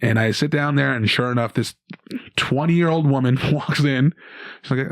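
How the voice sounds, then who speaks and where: Young Canadian comic guest, lively storyteller, dry close studio sound. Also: male voice, fairly high pitch, measured pace, dry recording. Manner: animated storyteller with many restarts. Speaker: guest comedian. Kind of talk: casual storytelling.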